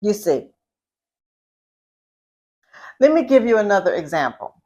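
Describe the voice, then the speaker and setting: A middle-aged woman from Southeast Louisiana with a Southern accent, teaching etiquette and speech in a deliberate way, repeating points and asking the listener questions. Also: medium pitch, big pitch swings, darkish tone. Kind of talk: instructional talk.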